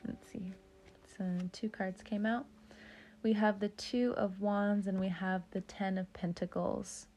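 Measured in pace, her medium-pitched, darkish voice stays fairly flat, with a little hiss or hum in the audio. The young woman reads tarot casually, cracking jokes, cursing freely, and going off on tangents.

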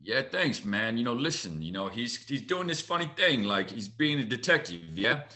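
A man in casual, animated chat, swearing easily and laughing often. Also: medium pitch, normal speed.

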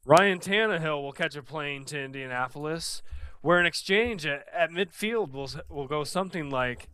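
A man co-hosting a sports podcast with a bright, smooth, clear voice. He delivers his game previews like punchy one-liners with a deadpan edge. The sound is dry and close to the mic. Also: a little high, moderate pace, no echo. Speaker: podcast co-host. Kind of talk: casual sports podcast banter.

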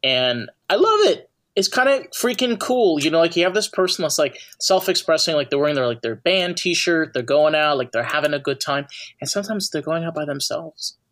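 A podcast co-host chatting casually, animated and joking. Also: mid-range voice, brisk. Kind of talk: casual chat.

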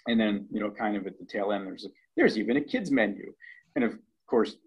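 Husky, hesitant middle-aged man. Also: lowish voice, expressive, a little fast, dull audio. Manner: hesitant, many ums and restarts, chuckling asides. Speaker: cookbook author, guest. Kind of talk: casual interview chat.

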